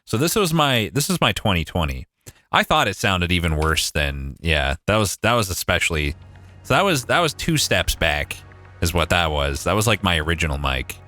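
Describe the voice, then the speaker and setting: A man's voice: low-pitched, big pitch swings, moderate pace, sharp tone, faint music behind. A man chatting casually on a livestream, swearing freely and saying "like" a lot, recorded on a studio condenser mic at home.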